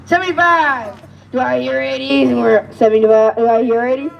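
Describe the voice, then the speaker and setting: A man's voice: very high-pitched, steady tone, a little fast, vocal fry, lo-fi sound. A man calling bids at a live auction, coaxing and pleading with the crowd and repeating each price. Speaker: amateur auctioneer.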